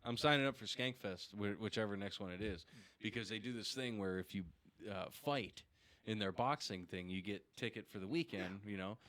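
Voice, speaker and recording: A man's voice: on the low side, normal speed, a bit bright. A man hosting a podcast, chatting in crude casual banter and laughing often as he rambles.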